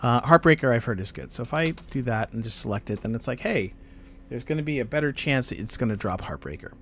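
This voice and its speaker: This gamer, streaming his play from home on camera, talks fast in a mid-range, animated voice while rambling to himself. Fillers come often and his thoughts trail off, and the audio carries a little hiss or hum.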